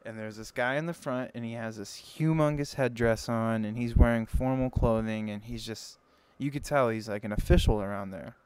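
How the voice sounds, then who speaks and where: A man's voice: medium pitch, normal speed, few pauses, a little mellow, clean tone, dry recording, rough recording. A young man livestreaming and telling a long joke in a rambling, self-interrupting way. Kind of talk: casual joke telling on a live stream.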